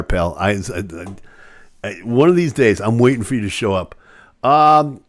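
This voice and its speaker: A man's voice: medium pitch, sing-song, normal speed, long pauses. A man hosting a live online show, chatting casually with viewers and going off on joking, rambling rants.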